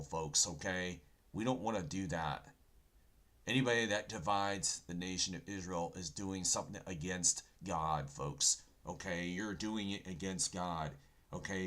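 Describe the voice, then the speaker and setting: A man's voice: low-pitched, fairly bright tone. A man hosting a casual livestream from his computer, talking in a folksy, rambling way, calling his viewers folks and preaching insistently about the Bible, with keyboard typing behind him. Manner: folksy, rambling, says "folks" and "okay" often; preachy, insistent on biblical points. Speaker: livestream host.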